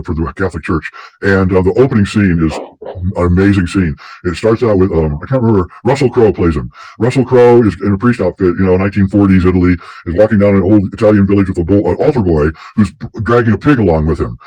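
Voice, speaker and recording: Host, male, husky and low, rambles fast through stories. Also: dark tone, no room sound, low-quality recording. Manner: rambling storyteller, many restarts. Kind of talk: casual conversation.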